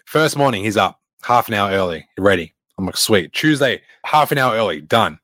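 A man, a fitness coach giving a blunt, swearing motivational talk with animated stories. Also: lowish voice, normal speed, no echo. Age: late 20s.

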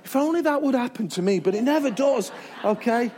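A man's voice: extremely high pitch, animated, brisk, darkish tone. A man preaching a sermon to a live congregation, emphatic and stretching key words as he draws in the crowd. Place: church before a live congregation.

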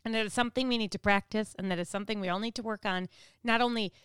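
A woman's voice: medium pitch, fairly even intonation, rapid-fire, fairly bright tone, clean tone, no echo, clean studio sound. A woman giving a conversational devotional teaching who asks listeners direct questions. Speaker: devotional speaker.

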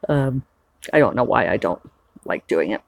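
A woman's voice: a bass voice, expressive, normal speed, vocal fry, darkish tone, dry recording. A woman in a casual, rambling chat who laughs often as she talks through her week. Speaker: author and vlogger.

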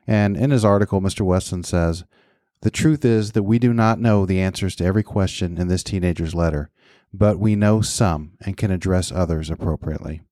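Reflective man in his fifties, mellow voice. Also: low-pitched, fairly quick, no echo, clean studio sound. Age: 50s. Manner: reflective, talks with many restarts. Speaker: podcast co-host. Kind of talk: casual podcast conversation.

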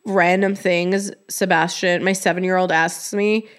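A woman hosting a podcast in casual chat, candid and expressive, with her talk full of "like". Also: fairly low pitch, unhurried, clear, resonant tone. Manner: chatty, heavy use of "like". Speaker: podcast host.

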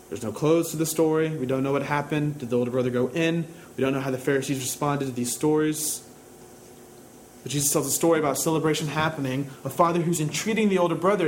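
A male pastor delivering a sermon in a somewhat high voice. He swings between calm explanation and loud, climbing emphasis. A faint hum sits under the recording. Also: low-quality recording. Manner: rises to loud, high-pitched emphatic preaching.

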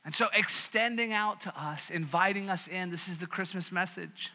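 Bright-voiced preacher in an echoing hall. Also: male voice, sits high, normal speed. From American South. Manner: animated storytelling with many restarts. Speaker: pastor. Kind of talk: sermon. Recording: long reverb of a large hall.

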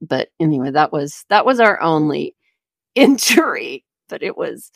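A middle-aged woman co-hosting a podcast, telling a story in an animated way, laughing often and breaking off her own sentences. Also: low voice, measured pace, creaky, no room sound. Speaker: podcast co-host. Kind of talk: casual storytelling.

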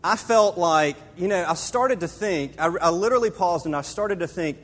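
A man's voice: high voice, normal speed, fairly bright tone. Chatty male preacher in a reverberant hall. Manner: casual, storytelling, speaks straight to the audience with asides. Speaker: pastor. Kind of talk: conversational sermon with a personal story.

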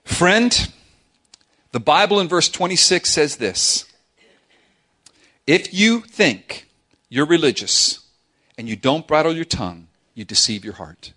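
Casting note: middle-aged male pastor, lively and humorous sermon delivery, bright, ringing voice, pitch swinging widely. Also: takes it slowly, pauses often. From South Florida. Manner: animated, humorous, acts out quoted voices. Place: church sanctuary with congregation.

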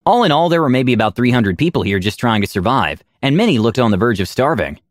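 Male storyteller, dramatic, animated pitch, dry close sound, tabletop game story. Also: fast, no echo.

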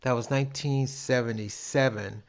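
A man's voice: mid-range voice, fairly even intonation, moderate pace, low-quality recording. Older New man telling a story. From New York. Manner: rambling, with restarts and dialect grammar. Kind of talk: casual personal storytelling.

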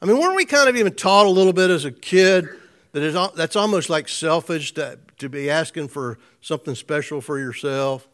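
A man gives a relaxed sermon to a small gathering, his voice sitting noticeably high. He talks conversationally, repeating and restarting phrases, with frequent soft chuckles. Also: a little fast. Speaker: pastor. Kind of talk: informal sermon to a small group.

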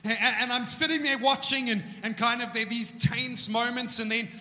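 A man preaching a sermon in a church, casual and joking, telling stories with animated energy. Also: very high-pitched, normal speed. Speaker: pastor. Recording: echoey church hall.

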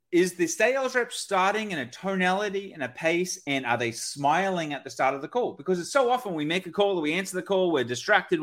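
A man talking as a guest expert on a podcast, explaining with lots of energy and often asking "right?". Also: fairly high pitch. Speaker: guest expert on sales calls. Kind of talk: podcast conversation.

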